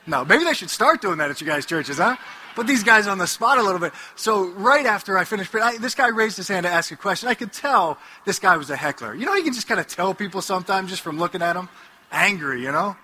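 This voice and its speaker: In a hall before an audience, a Catholic priest on a headset mic preaches fast in a high voice with a breathy edge, an animated storyteller who keeps the jokes coming.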